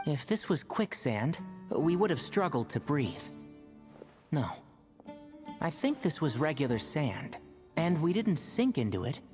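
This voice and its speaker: A woman playing a calm female scholar in a game, explaining in a measured, correcting tone. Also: sits low, music in the background. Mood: matter-of-fact.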